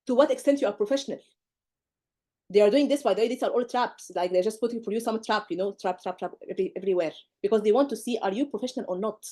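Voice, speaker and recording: A woman tutor lectures at a rapid clip, her voice pitched a little high. She is emphatic and scolding, piling on rhetorical questions and mimicking what students get wrong. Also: dark tone. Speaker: medical exam tutor. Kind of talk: live online lecture.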